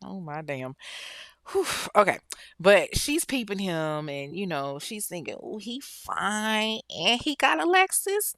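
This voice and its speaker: A female podcast host tells a true-crime story loosely and bluntly, swearing freely and chatting with frequent asides to her listeners. Her voice is low and smooth, and the recording is close and dry.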